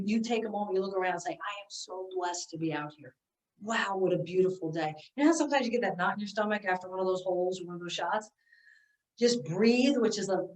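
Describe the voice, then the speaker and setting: A woman golf mental game coach giving an energetic motivational seminar talk, leading her audience through exercises. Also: medium pitch. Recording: echoey room, voice from far off.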